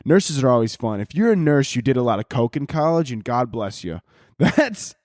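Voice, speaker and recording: A man's voice: mid-range voice, sing-song, moderate pace, a little mellow, dry recording, clean studio sound. Rambling, cursing podcast host man. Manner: rambling, profane, laughs often. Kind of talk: casual comedic podcast monologue.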